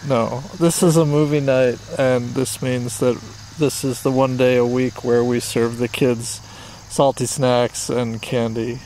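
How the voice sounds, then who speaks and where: A man's voice: medium pitch, level tone, unhurried, a little mellow, slight background noise, low-quality recording. Wry, dry-humored man co-hosting. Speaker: podcast co-host. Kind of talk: casual conversation.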